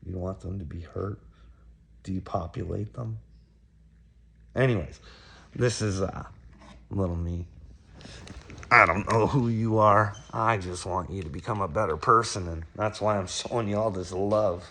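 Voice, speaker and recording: A man with a very low, gravelly voice talks straight at one viewer. His rant is taunting and preachy, and he piles up question after question. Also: moderate pace, long pauses, fairly bright tone. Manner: taunting, preachy, repeats "little me". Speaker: commentator reacting to a clip. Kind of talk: ranting monologue to a viewer.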